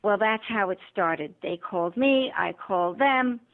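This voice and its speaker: Over a tinny phone line, a woman who is an author and motivational speaker tells her story in an interview. Her medium-pitched voice moves at a measured pace, and she animatedly acts out the quoted dialogue.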